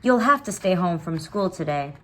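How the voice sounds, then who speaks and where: A busy, caring mother bear speaks gently and warmly to her children, as a woman reads her lines. It is a plain storybook read-aloud. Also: lowish voice, animated, normal speed. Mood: gentle.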